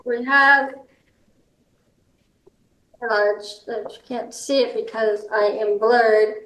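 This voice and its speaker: A woman speaking as a guest advocate, giving practical advice in an informal, halting way with many ums and restarts. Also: on the high side, steady tone, a bit bright. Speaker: guest, hard of hearing and seniors advocate. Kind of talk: explanatory advice talk. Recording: roomy echo.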